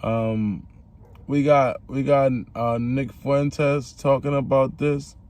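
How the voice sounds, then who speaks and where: A man's voice: mid-range voice, fairly even intonation, takes it slowly, darkish tone. A man giving casual, rambling livestream commentary, swearing often and stacking fillers. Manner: rambling, profane, many fillers. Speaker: streamer and commentator.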